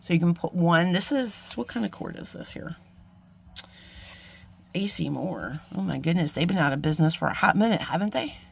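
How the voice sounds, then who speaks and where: Woman vlogger, middle-aged, a bit low-pitched, casual and chatty while beading. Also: animated, moderate pace, creaky, a little hiss or hum. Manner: chatty, self-deprecating, talks to viewers as friends. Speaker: jewelry-making vlogger. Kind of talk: casual craft tutorial chat.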